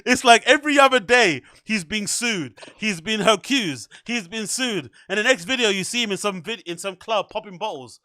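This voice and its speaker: Young guy podcast host, high-ish voice, rambly and sweary, dry close sound. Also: moderate pace, hardly any pauses, no room sound. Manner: rambling, animated, swears a lot, filler-heavy. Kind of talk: casual chat.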